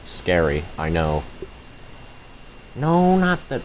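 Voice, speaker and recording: Slow-talking, excitable male game streamer. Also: low-pitched, slight background noise. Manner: excitable, swears often, reacts loudly to the game. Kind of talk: live gameplay commentary.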